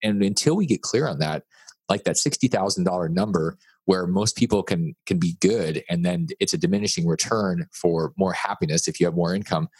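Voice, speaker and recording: Low husky-voiced man, dry close sound. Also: fairly quick, hardly any pauses, darkish tone, dry recording. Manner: emphatic, repeats key words, blunt jokes. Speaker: guest author. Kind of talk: podcast interview conversation.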